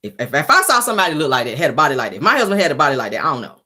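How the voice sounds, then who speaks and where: A woman's voice: low-pitched, sing-song, very fast, sharp tone, husky. A woman hosting a casual celebrity gossip show, sassy and teasing, laughing often as she reacts to viewer comments. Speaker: show host.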